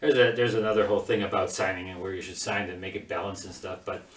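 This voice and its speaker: A man teaching a casual watercolor paint-along, chatty and quick to laugh while he works. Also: low-pitched, level tone, a little hiss or hum. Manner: chatty, laughs often, talks while working. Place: home studio. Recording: echoey room.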